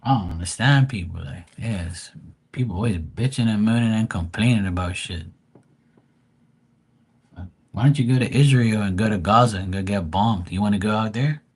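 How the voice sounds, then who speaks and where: A man's voice: on the low side, normal speed, a little mellow, husky. A man from Bermuda hosting a live tarot stream, ranting bluntly and profanely in casual chat.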